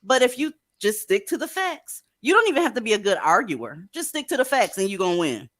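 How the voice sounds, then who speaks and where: A woman's voice: medium pitch, sing-song, fairly quick, fairly bright tone. A woman hosting a live online panel, blunt, profane and joking with callers. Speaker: livestream host.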